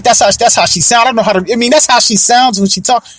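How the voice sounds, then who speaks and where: A man's voice: very high-pitched, fast talker, few pauses, a bit bright, no echo, faint music behind. A young man hosting a casual commentary podcast, rambling and repeating himself, often asking if you know what he means. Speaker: podcast host.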